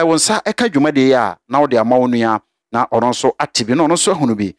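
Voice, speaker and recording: A man from Ghana hosting an online show, thanking his guest and signing off, pausing often on "eh". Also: medium pitch, no room sound, clean studio sound. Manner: thankful, hesitant with frequent "eh" fillers. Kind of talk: interview wrap-up and sign-off.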